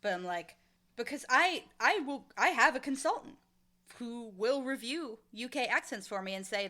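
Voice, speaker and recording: Bright-voiced frank woman guest. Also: on the high side, animated, normal speed. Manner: emphatic, frank and opinionated. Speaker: casting director and audio drama creator. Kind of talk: casual interview conversation.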